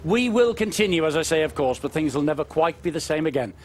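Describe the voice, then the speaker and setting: High-voiced male sports presenter. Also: lively intonation, fast talker, a little hiss or hum. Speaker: studio presenter. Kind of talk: live sports broadcast.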